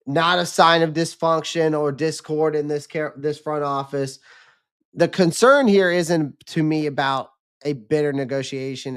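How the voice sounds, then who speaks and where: Male streamer, casual rambling commentary, slightly strained voice, smooth and clear tone. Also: a little high. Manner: loose, rambling, with many restarts and fillers. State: losing his voice. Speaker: livestream host.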